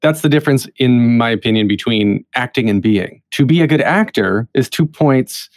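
Man hosting a podcast, lively pitch. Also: moderate pace, no echo. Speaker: podcast host. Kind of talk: casual podcast interview.

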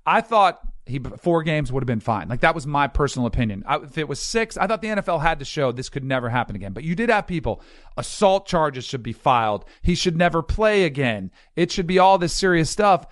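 A man's voice: fairly high pitch, fairly quick, no echo, clean studio sound. A man co-hosting a casual sports talk show, telling stories and acting out what people said. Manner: animated storyteller, acts out quotes.

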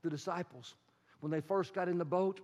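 A male pastor preaching a sermon in a church, telling a story with animated, rising emphasis. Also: high-pitched, a little fast. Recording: long hall reverb.

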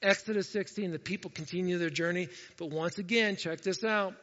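A man giving a casual Bible teaching, conversational and animated, often asking his listeners questions. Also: high-pitched, fairly quick. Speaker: pastor. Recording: dull sound with long reverb.

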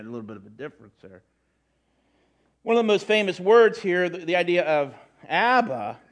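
Male pastor, middle-aged, sermon, conversational, slightly high voice. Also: a bit bright. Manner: conversational preaching with frequent restarts and asides.

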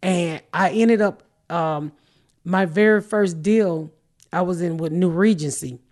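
A woman's voice: lowish voice, a little slow, darkish tone. Blunt, profane middle-aged woman storyteller. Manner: profane, blunt, laughs often. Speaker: podcast host. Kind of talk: casual storytelling chat.

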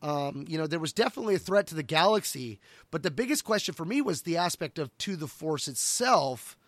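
A man's voice: on the high side, animated, a little fast, no room sound. A middle-aged man co-hosting a podcast, talking casually about books and often restarting his sentences. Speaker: podcast co-host. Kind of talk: casual book discussion.

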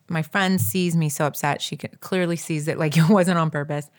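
A woman's voice: low-pitched, fairly even intonation, moderate pace. A woman co-hosting a casual chat, telling a story animatedly, full of "like" and addressing listeners as "you guys". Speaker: podcast co-host.

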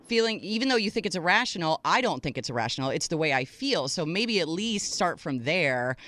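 A woman's voice: lowish voice, big pitch swings, brisk, a bit bright, no echo. A woman co-hosting a relationship advice radio show, direct and reassuring, often cutting in on her co-host.

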